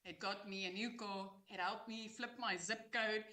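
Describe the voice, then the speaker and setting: A woman's voice: mid-range voice, fairly even intonation, normal speed, bright, forceful tone. A South African woman giving an earnest, emotional testimonial on a webinar. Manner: earnest, heartfelt, emphatic. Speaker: coaching client giving a testimonial.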